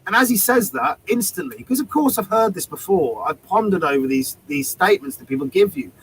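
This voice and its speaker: A man, a street performer, telling a story in casual chat, animated and acting out both sides of an exchange. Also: high-pitched, a little fast, vocal fry, a little hiss or hum, poor audio.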